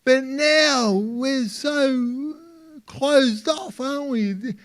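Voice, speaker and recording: A man with an Australian accent doing stand-up comedy for a live audience, with a halting delivery full of repeated words. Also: very high-pitched. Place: live stage before an audience.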